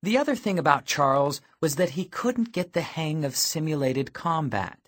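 A man's voice: fairly high pitch, expressive, normal speed, fairly bright tone. A man narrating a first-person story aloud in a wry, matter-of-fact storytelling manner. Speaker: audiobook narrator.

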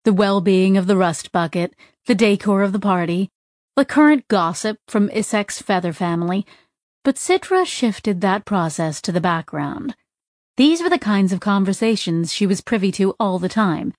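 A woman's voice: mid-range voice, animated, normal speed, a little mellow, no room sound, clean studio sound. A woman reading a science fiction story aloud as an audiobook narrator, with light voices for the characters. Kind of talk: scripted narration.

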